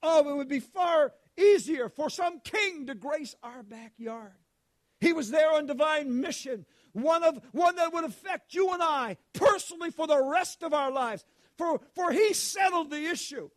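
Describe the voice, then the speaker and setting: A pastor with a strikingly high voice for a man preaches with fervent intensity. He swings from shouted proclamations to near-whispered lines, pressing each point hard. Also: expressive, unhurried. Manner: impassioned preaching, often breaking into shouts; dramatic swings between loud proclamations and hushed lines. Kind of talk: sermon.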